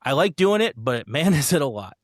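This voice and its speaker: A man's voice: on the high side, big pitch swings, brisk, no echo, studio quality. A man appearing as a band member on a podcast, chatting casually in an easygoing way with frequent laughs. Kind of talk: casual chat.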